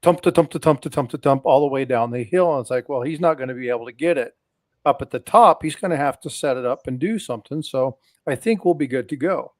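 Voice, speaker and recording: A man's voice: mid-range voice, fast, no echo. A man casually telling long jokes on a live stream, animatedly doing the characters' voices as he goes. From lived in Utah.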